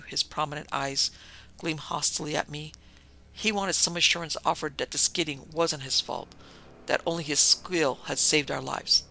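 A man narrating an audiobook in a steady, evenly paced storytelling manner. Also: fairly high pitch, moderate pace, vocal fry.

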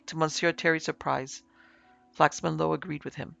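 A male narrator reads a ghost story in a steady, deliberate storytelling voice. His tone is gravelly and sits a little high, and a soft music bed runs beneath.

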